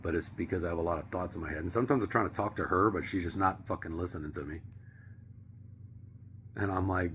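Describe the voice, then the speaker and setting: A man vlogging in a casual, rambling monologue, profane and slangy, sometimes dropping to a hush. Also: deep voice, fast, pauses often, slight background noise.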